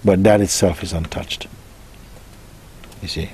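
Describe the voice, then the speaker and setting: A man giving a spiritual talk, soft-spoken and unhurried, musing gently with pauses as he answers a question. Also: low voice, fairly even intonation, slightly rough. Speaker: spiritual teacher.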